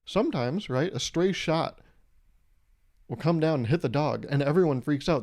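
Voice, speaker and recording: A young man hosting a solo comedic podcast, rambling and irreverent, swearing freely and breaking into loud mock voices when he quotes people. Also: medium pitch, a little fast. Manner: profane. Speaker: podcast host.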